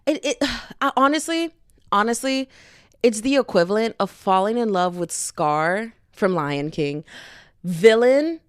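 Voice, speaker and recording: A young woman hosting a podcast in casual chat, gushing and animated, with lots of "like". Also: mid-range voice, smooth, dry recording, clean studio sound. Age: young adult. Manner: gushing, animated, heavy filler "like". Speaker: podcast host. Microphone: headphones on, podcast mic.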